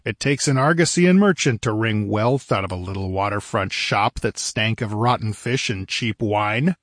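Conan, a gruff grim barbarian voiced by a man. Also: on the low side, moderate pace, fairly bright tone, no echo, clean studio sound, lightly acted. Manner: gruff, impatient, mocking. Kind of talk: audiobook character voice.

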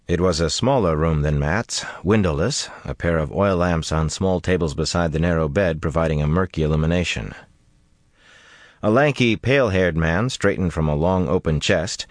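Deep low guy reading a fantasy audiobook, steady and measured, dry close mic. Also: no room sound. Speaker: audiobook narrator. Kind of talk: scripted narration.

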